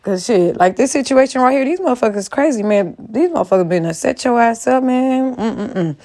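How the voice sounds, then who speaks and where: A woman's voice: on the high side, expressive, normal speed, dark tone. A woman in a casual commentary vlog, talking straight to her viewers in a profane, emphatic rant. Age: adult, a mother. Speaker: vlogger.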